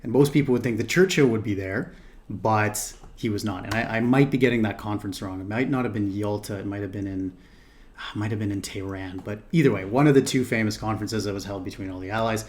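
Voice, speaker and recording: A man's voice: on the low side, quick pace, darkish tone, a little hiss or hum. A man hosting a reaction video, thinking aloud in casual commentary, hesitating and correcting himself.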